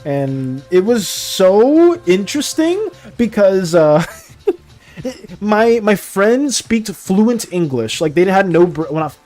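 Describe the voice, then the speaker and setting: Young male streamer, high, bouncy voice, rambling and apologetic, soft music underneath. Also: slow. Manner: animated, apologetic, rambling with frequent restarts and laughs. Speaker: art streamer chatting with viewers. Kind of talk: casual live-stream chat.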